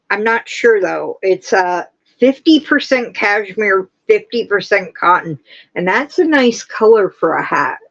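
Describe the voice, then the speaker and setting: A woman hosting a casual livestream, chatting and gushing with excitement. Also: a little high, highs cut off. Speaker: livestream host. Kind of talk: casual chat.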